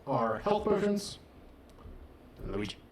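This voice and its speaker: A man's voice: medium pitch, big pitch swings, slow pace, a little hiss or hum. A young man as game master of a tabletop game, explaining rules patiently and laughing often. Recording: echoey room with music underneath.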